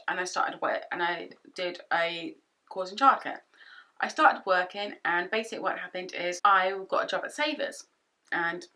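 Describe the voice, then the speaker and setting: Bright young woman telling a storytime. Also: lowish voice. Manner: chatty, animated retelling with quoted asides. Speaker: vlogger. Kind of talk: storytime vlog. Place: home office. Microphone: camera-mounted shotgun mic.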